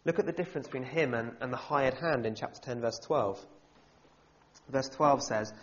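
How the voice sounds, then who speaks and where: Guy preaching, jokey and lively, mid-pitched voice, kinda muffled audio. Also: fairly quick. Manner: humorous and animated, with wry asides. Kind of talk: sermon. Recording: slightly dull, muffled sound.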